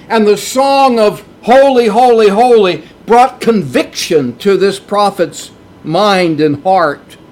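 A middle-aged man preaching a sermon, earnest and emphatic, repeating his key points. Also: high voice. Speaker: pastor.

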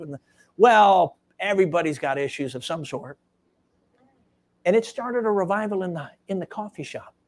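A man preaching a sermon, telling a revival story with lots of fillers and dropping to a hush for emphasis. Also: a little high. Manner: animated storytelling with frequent fillers, drops to hushed tones for emphasis.

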